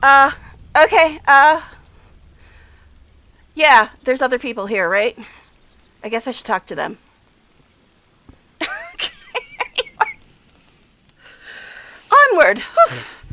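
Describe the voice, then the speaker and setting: A woman streamer chatting casually over her gameplay, giggly and talkative, with hushed asides. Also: high-pitched, big pitch swings, slow, pauses often, poor audio. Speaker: streamer playing a game.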